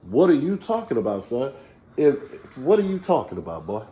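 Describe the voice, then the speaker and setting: A man in casual podcast chat, animated and mocking, swearing and laughing often. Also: mid-range voice, normal speed. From Texas. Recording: echoey room.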